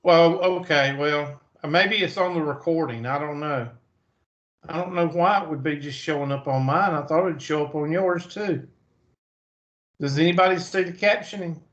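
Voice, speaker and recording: A fairly high, slightly bright voice belongs to a Southern US man teaching math online at a moderate pace. He chats and thinks out loud during the lecture, captured as muffled video call audio.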